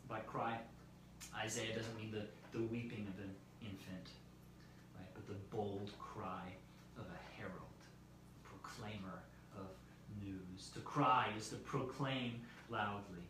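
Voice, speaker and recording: A male pastor delivers a measured sermon, his lines trailing off quietly at the ends. He is heard from some distance in a very echoey room. A faint hiss sits underneath. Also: on the low side, fairly even intonation. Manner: measured preaching, dropping softly at phrase ends. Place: church meetinghouse or similar room, streamed live.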